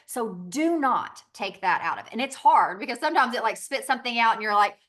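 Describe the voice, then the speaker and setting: Chatty Southern woman with a higher voice. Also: animated, brisk, a bit bright. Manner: chatty, laughs often, acts out little quoted exchanges. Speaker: business trainer on a team call. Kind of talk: conversational training talk.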